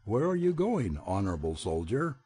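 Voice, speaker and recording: A man voicing a frantic mother pheasant with shrill, screeching cries in a storybook. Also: very animated, normal speed, dark tone, slightly rough. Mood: eager.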